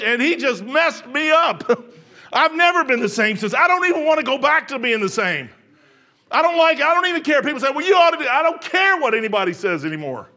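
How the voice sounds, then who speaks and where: An older man preaching a folksy sermon, laughing often and swinging from shouts to hushed asides. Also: very high voice. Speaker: pastor. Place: church sanctuary.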